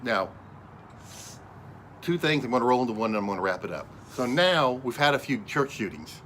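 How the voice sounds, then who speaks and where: A man's voice: mid-range voice, very animated, normal speed, fairly bright tone, a little hiss or hum. A man delivering an angry, combative political rant, speaking directly to his viewers and often raising his voice. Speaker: political commentator. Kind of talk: ranting monologue to camera.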